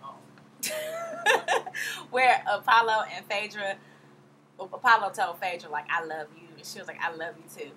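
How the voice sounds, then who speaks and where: Sassy young female vlogger with a bright voice, chatty recap, acts out quotes. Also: medium pitch, fairly quick, slight background noise. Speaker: vlogger reviewing a TV episode. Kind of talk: casual recap chat.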